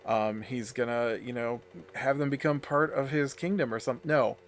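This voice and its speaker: A man's voice: mid-range voice, normal speed. A man with a mid-range voice chats loosely over his gameplay, stringing thoughts together with plenty of ums and restarts. A faint hiss of background noise sits under his voice. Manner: rambling, filler-heavy, chatty. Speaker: let's play host. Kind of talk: casual gameplay commentary.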